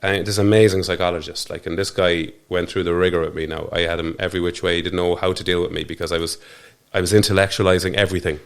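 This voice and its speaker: A man's voice: sits low, level tone, quick pace, hardly any pauses. An Irish man talking earnestly in a studio interview, often restarting and trailing off mid-thought. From Ireland. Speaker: podcast guest. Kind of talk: reflective conversational interview.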